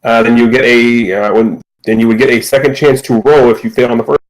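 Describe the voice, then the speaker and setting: A man acting as game master, explaining rules and narrating a tabletop game over a voice call with a relaxed, playful manner. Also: mid-range voice, brisk, rough recording.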